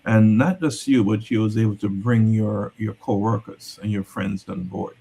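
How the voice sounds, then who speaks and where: A man's voice: fairly low pitch, fairly even intonation, normal speed, gravelly, warm tone, breathy edge. A man co-hosting a talk show, speaking in an emphatic, encouraging way.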